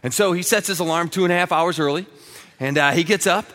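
A male pastor delivering a lively sermon, his voice bright and forceful and pitched a touch high. He tells funny everyday stories with lots of energy, slipping into little comic voices as he goes. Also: fast talker, long reverb tail. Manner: quiet and hushed while praying. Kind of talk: sermon with prayer and humorous stories.

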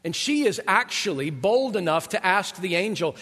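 A middle-aged man preaches a sermon in a conversational style, often putting rhetorical questions to his congregation. His voice sits high with big swings in pitch, moving at normal speed with a pushed, bright quality. The recording carries a long hall reverb.

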